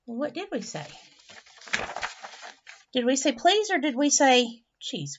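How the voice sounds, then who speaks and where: Animated woman teacher reading aloud. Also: high voice, moderate pace, long pauses, noisy background. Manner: animated, chatty asides to children. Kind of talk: picture-book read-aloud for children. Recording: dull lo-fi recording.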